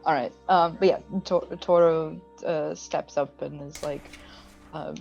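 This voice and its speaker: A woman's voice: low voice, steady tone, unhurried, vocal fry, a little mellow, muffled recording, soft background music. A woman playing a tabletop game, hesitant and stumbling over her words. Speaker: player. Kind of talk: casual tabletop role-play.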